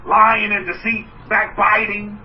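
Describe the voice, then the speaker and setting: A man preaching a sermon as a rabbi, animated, trading mock voices and asides with his listeners. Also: high-pitched, unhurried. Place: room with listeners. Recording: muffled distant mic with faint noise.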